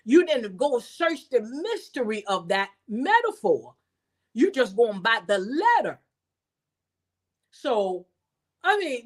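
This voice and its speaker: Woman speaker, fairly high voice, animated and preachy, restarts words often. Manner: animated, repeats words, pitch jumps high when exasperated; preacher-like cadence, scripture references. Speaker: speaker and teacher. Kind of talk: reflective talk to an audience.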